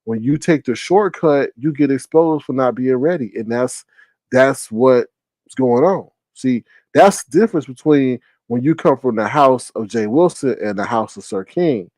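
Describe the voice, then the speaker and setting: A man hosting a drama commentary vlog, telling stories in an animated, mocking way. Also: mid-range voice, measured pace, no room sound. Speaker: host.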